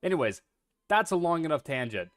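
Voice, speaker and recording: A man's voice: on the high side, very animated, a little fast, a bit bright, no room sound, studio quality, faint music behind. A man streaming a video game, chatting casually in a rambling, self-deprecating way and swearing freely. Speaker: VTuber streamer.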